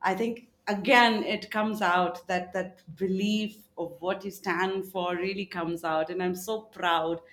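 A middle-aged woman hosts a podcast interview. She speaks slowly and earnestly, pausing on fillers and restarting her sentences. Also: lowish voice, steady tone, a bit bright. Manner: slow, hesitant, earnest. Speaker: podcast host.

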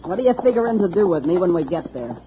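A woman's voice: lowish voice, sing-song, quick pace. A tough frontier sheriff woman who talks back bluntly and scrappily. The sound is a muffled vintage radio broadcast with light hiss. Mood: defiant. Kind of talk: 1950s radio western acting.

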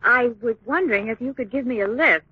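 An actress playing a polite, hesitant young heiress in a 1940s radio drama. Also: female voice, fairly high pitch, a little fast, slightly rough, no room sound. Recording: dry lo-fi 1940s radio broadcast.

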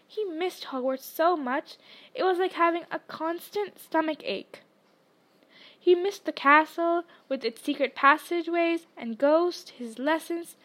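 Woman audiobook reader, high-pitched, expressive storytelling. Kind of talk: reading a novel aloud.

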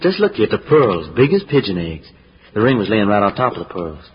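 An actor playing an excitable young American man with folksy slang, in 1940s radio drama, on a dull lo-fi old recording. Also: on the low side, a little fast, breathy edge, big-room sound, heavily acted. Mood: tender. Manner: folksy slang, emotional outbursts.

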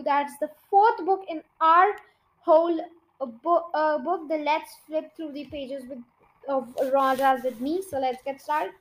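A woman's voice: sits high, rough recording. A woman hosting a podcast, reading a children's book aloud in a chatty way that sometimes stumbles over words. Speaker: podcast storyteller.

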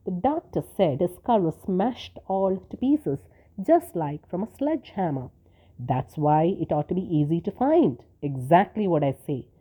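A woman doing gruff policemen chatting over a meal. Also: fairly low pitch, very animated, measured pace, warm tone, exaggerated voice. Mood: casual. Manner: casual and gruff, talking with mouths full. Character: hungry male policemen chatting over dinner. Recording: tinny phone-like sound.

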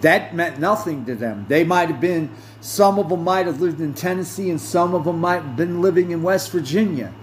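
A man hosting a podcast, talking in a slow, rambling monologue with many fillers and self-corrections. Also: fairly high pitch, slight background noise. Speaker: podcast host. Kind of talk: casual monologue.

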